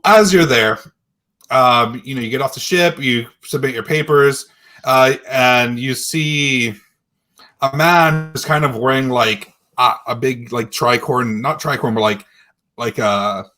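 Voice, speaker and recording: A man narrating as game master of a tabletop game, halting and searching for words. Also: medium pitch, sharp tone. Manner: halting, full of fillers and restarts.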